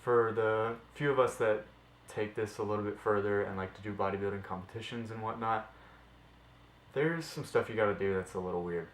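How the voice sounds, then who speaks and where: A fitness vlogger in his twenties rants passionately to camera, blunt and swearing freely. His voice is lowish and a little fast, with slight background noise. The room sounds echoey, with faint music playing.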